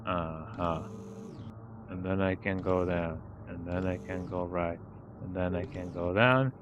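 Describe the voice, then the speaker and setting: A man's voice: deep voice, steady tone, measured pace, muffled recording, noisy background. A man streaming a game, reading its text aloud and muttering to himself, stumbling over words and tacking on a questioning "eh?".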